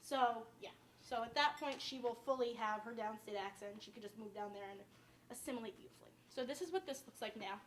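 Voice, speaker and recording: A woman's voice: fairly high pitch, fairly quick, slight background noise. A young woman from Westchester with a downstate New York accent, hosting a casual home cooking video and rambling as she chats between steps. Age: young adult. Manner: chatty, rambling, says "like" often. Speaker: cooking show host.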